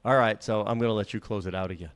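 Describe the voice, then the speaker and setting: A man co-hosting a sports business podcast, talking in an animated, emphatic way and repeating words for stress. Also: on the low side, racing. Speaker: podcast co-host. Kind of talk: casual sports business chat.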